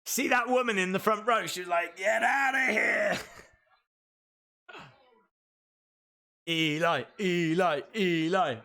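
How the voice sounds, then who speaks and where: A man hosting a live wrestling watch-along, calling the action and breaking into excited shouts. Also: sits high, measured pace, pauses often, smooth. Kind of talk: live wrestling reaction commentary.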